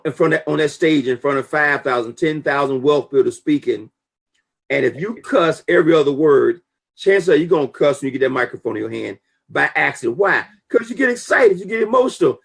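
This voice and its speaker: A man with a gravelly, slightly husky voice that sits a bit high for a man. He talks in a casual, emphatic, preachy way and tells lively stories as he gives business advice. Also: moderate pace. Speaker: network marketing talk show guest. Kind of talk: casual motivational talk.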